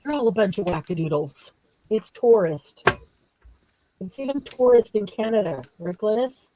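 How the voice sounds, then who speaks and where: A woman's voice: mid-range voice, expressive, a little fast, mellow, a little hiss or hum, poor audio. A woman hosting a craft livestream, chatting casually with viewers and laughing often as she reads their comments. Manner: giggly, laughs often while talking.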